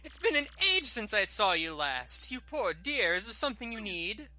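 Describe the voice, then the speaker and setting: A man's voice: high-pitched, big pitch swings, normal speed, bright, forceful tone, full character voice. A man voicing a pompous, fussy older woman with a theatrical, haughty way of talking. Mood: doting.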